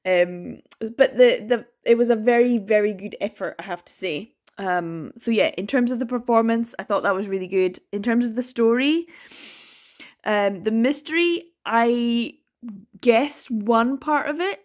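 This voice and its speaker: A woman's voice: on the high side, measured pace, a little mellow. A young woman from the Isle of Lewis with a Scottish Western Isles accent, chatting casually and reflectively in a reading vlog, often trailing off and restarting. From Isle of Lewis, Scotland. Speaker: book vlogger.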